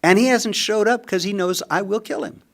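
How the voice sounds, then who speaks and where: An older man telling a personal story, animated and acting out his own rising anger. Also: high voice, brisk. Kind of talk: storytelling talk.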